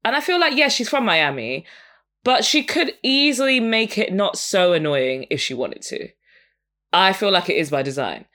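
A woman's voice: mid-range voice, big pitch swings, moderate pace, a bit bright. A young woman hosting a podcast, giving frank, casual music reviews and often laughing between her points. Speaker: podcast host.

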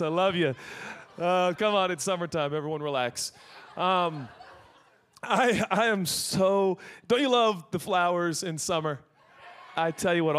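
A man in his forties preaching as a guest pastor in a large church, playful and joking, with many fillers and restarts. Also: medium pitch. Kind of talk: sermon.

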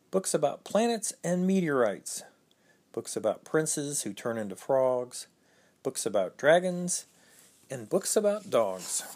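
Slow, sing-song storybook reader. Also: medium pitch, a little mellow. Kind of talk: rhyming storybook read-aloud.

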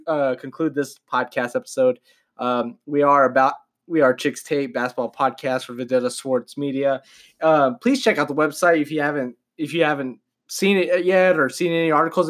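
A man's voice: mid-range voice, a bit bright. A young man hosting a casual podcast, rambling loosely and laughing often between thoughts. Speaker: podcast host.

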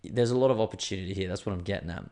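A man's voice: deep voice, very fast, warm tone. An Australian man in his thirties, hosting a podcast in a rambling, crude, self-mocking solo chat full of swearing. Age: 30s. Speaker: podcast host.

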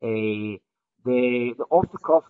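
A man's voice: medium pitch, takes it slowly, smooth, narrow, tinny audio. A man hosting a solo podcast off the cuff, rambling and often ending sentences with "right?". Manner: rambling, restarts often, tags lines with "right?". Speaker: podcast host.

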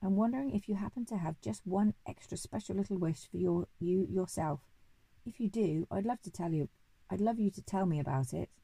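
A woman's voice: mid-range voice, brisk, creaky, warm tone, breathy edge, no room sound, poor audio. A woman voicing a grand, boastful male duke who thinks himself an expert on animals, speaking in a pompous, hearty way. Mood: kindly.

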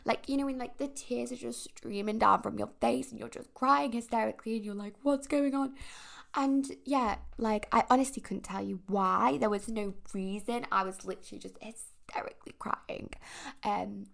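A woman's voice: medium pitch, fairly even intonation, normal speed, vocal fry, a bit bright. A young woman hosting a podcast, telling a personal story in a rambling, chatty way full of fillers. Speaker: podcast host. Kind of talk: casual confessional chat.

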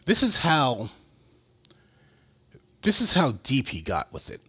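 Man, blunt and sarcastic ranting, casual commentary, mid-pitched voice, profane. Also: wildly swooping pitch, takes it slowly, a bit bright, slightly rough. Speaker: political commentator.

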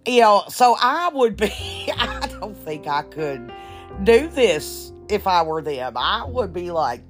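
A woman hosting her own podcast in casual chat, blunt and profane, a little nervous and halting. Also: lowish voice, sing-song, soft background music. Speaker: podcast host.

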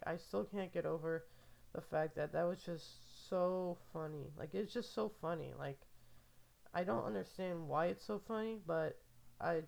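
A woman's voice: sits low, vocal fry, a little mellow. A young adult woman rambling in a casual, filler-heavy podcast monologue, amused and meandering.

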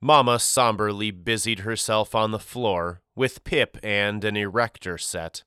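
A man narrating a novel as an audiobook, reading steadily with clear articulation on a close studio microphone. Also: fairly low pitch, a little slow, sharp tone, dry recording. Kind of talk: scripted storybook narration.

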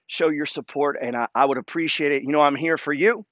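A man with a high-pitched voice talks about investing in a blunt, coach-like way, swearing freely and pushing listeners to act. The sound is dull and dry, with no room echo. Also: fairly quick, a bit bright. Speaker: host. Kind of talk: casual investing talk.

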